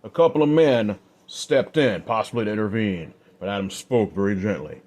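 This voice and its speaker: A man narrating an old-west story in a slow, unhurried, casual way. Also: lowish voice, darkish tone.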